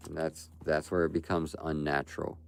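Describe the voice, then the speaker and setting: A man's voice: extremely low pitch, little pitch movement, normal speed, creaky, slight background noise. A young man livestreaming and talking to his chat, ranting bluntly and profanely with frequent "bro" and "like". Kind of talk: live stream talk to chat.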